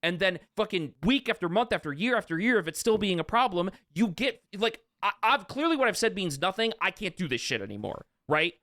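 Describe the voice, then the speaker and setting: A man's voice: high voice, very animated, fairly quick, few pauses, bright, forceful tone, no echo, clean studio sound. A man co-hosting a casual podcast who rants heatedly and swears a lot. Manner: heated ranting, swears often. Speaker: podcast co-host. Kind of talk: casual chat.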